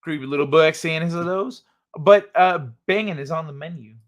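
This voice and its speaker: A man hosting a live stream, chatting casually and reading viewer comments in a jokey, animated way, laughing often. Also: a little high, moderate pace.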